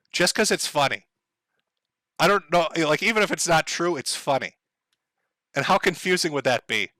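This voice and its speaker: A man's voice: on the high side, sharp tone, no echo. A man ranting casually to his live chat, rambling and profane, laughing as he goes. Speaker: streamer.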